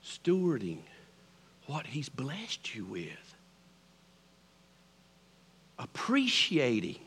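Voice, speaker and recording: A middle-aged man with a Southern American accent preaching a sermon, swinging between loud declarations and hushed near-whispers. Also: mid-range voice, huge pitch swings, extremely slow, a little hiss or hum. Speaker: pastor.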